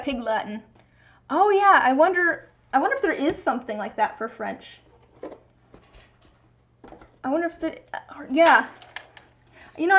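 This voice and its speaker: A young woman with a high, bright-sounding voice chats casually while she crafts on a livestream. She rambles and muses aloud between tasks. The audio is slightly muffled and dull. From United States. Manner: rambling, musing aloud, reading chat.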